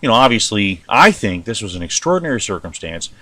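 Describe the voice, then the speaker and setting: Male host, opinionated and rambling, lively delivery, dry close mic. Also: fairly low pitch, fast, no room sound. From United States. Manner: rambling, animated, asks rhetorical questions. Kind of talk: opinionated news commentary.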